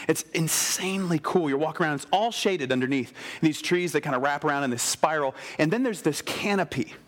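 A middle-aged man delivering a conversational sermon, his voice sitting a little higher than most men's. He preaches in an animated way and talks straight to the people in front of him.

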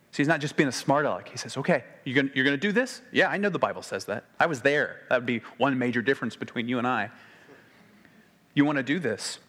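A man preaching a sermon in a conversational way, slowing to quiet emphasis and then speeding up when animated. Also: mid-range voice. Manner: conversational, shifts between slow quiet emphasis and quick animated delivery.

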